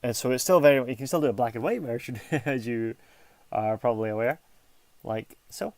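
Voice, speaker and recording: A man's voice: mid-range voice, fairly quick, darkish tone, no echo. Chatty man narrating his drawing. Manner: rambling, self-interrupting, chatty. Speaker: artist streaming his drawing. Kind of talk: casual narration while drawing.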